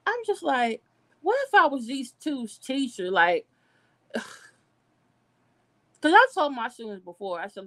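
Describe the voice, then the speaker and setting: Woman vlogger, livestream commentary; outraged, cursing freely, animated outbursts. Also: unhurried, long pauses. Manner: blunt, outraged and profane; animated, with sudden high outbursts.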